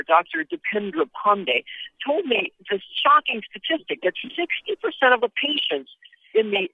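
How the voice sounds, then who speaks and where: A woman's voice: mid-range voice, no echo. A woman correspondent giving a live field report by phone, describing events vividly and with frequent fillers. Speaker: foreign correspondent. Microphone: telephone. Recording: tinny phone line.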